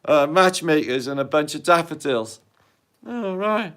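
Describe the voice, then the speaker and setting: Chatty British man with a lively voice. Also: a little high, unhurried. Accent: British English. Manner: chatty, jokey and sweary, swings between loud and hushed. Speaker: livestream host. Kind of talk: casual livestream chat reading comments.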